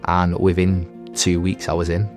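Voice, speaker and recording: A man in his thirties tells his own story in a deep, low voice, halting and restarting as he goes. His delivery stays even and level, with little rise and fall, and soft music plays faintly behind him. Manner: earnest, halting, with many restarts. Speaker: veteran and recovery centre graduate and staff member. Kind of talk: personal testimony.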